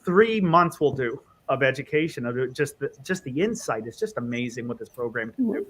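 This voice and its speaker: A respiratory therapist, male, speaks at a medium pitch and a brisk clip in casual conversation. He's an animated storyteller who acts out the dialogue in his tales.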